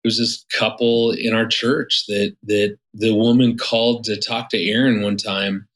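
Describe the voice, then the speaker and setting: Low-voiced man telling a rambling story. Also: flat delivery, a little slow, low-quality recording. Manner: rambling, many restarts and fillers. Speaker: guest marriage therapist. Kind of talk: casual interview storytelling.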